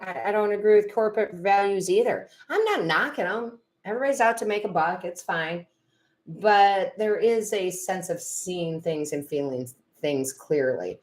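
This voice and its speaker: Low-voiced middle-aged New woman. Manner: emotional, laughing, talks to viewers by name. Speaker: tarot reader and medium, live stream host. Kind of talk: casual live-stream chat reading viewer comments.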